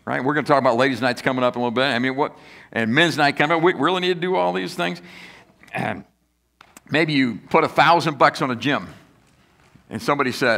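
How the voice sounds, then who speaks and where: Talking fast with vocal fry and frequent pauses, a man preaches in a sharp, medium-pitched voice. He's the pastor, chatting conversationally with the congregation, asking them questions, and quoting critics in their own acted-out voices.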